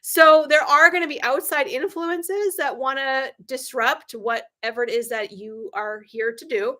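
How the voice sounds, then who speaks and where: Bright-voiced woman coach, animated storyteller. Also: unhurried. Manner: animated storyteller, acts out quoted dialogue with big pitch jumps; frequent ums and laughs, candid and sarcastic. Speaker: business coach hosting a livestream. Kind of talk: live-stream talk with anecdotes.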